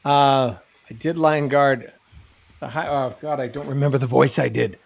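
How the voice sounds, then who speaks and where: A man's voice: medium pitch, steady tone, moderate pace, creaky. A middle-aged man from New England hosting a live stream, reading chat questions aloud and rambling through jokey answers.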